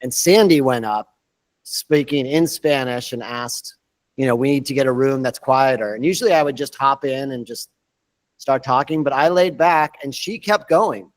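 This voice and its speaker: Student guy telling a quick story in class, relaxed, dry sound with no room echo. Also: medium pitch.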